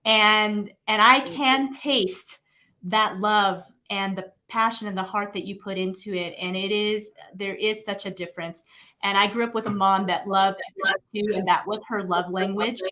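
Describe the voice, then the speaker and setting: A woman's voice: medium pitch, fairly even intonation, normal speed, pushed and bright. A woman hosting an interview, effusive and full of praise for her guest. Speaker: host.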